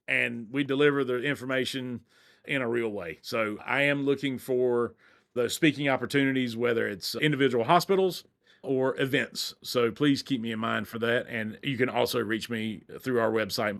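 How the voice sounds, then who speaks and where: A middle-aged man, talking as a podcast guest in an animated, blunt, joking way with some cursing. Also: mid-range voice, creaky. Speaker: dog training company owner, guest. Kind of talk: energetic podcast interview.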